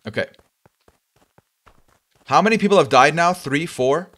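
A man hosts a game stream over voice chat, chatting casually. His voice sits mid-pitch but moves a lot. He gets flustered and repeats himself. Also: animated, measured pace, a bit bright. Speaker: streamer and host.

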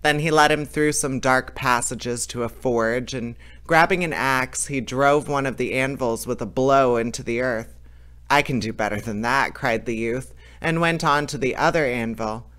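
A man reading a fairy tale aloud in a lively way, with small slips and restarts. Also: medium pitch, normal speed, hardly any pauses, smooth. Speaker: storyteller.

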